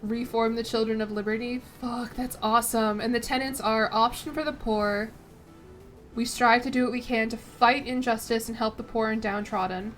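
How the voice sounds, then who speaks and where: A woman's voice: fairly high pitch, fairly even intonation, normal speed, a bit bright, faint music behind. A woman streaming a strategy game, reading the game text aloud, stumbling over words, swearing and chatting with lots of "like". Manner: chatty asides with frequent "like". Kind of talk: casual gameplay commentary.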